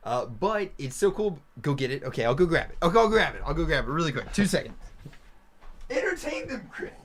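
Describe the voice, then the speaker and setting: A man hosting a live-stream reaction video, chatting excitedly and enthusiastically. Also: a little high, fast, background noise. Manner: excitable, enthusiastic, says "freaking" a lot.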